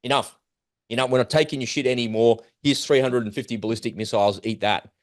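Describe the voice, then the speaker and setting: A man's voice: mid-range voice, steady tone, fast, lightly acted. A man voicing a personified country as a fed-up, defiant man who swears bluntly.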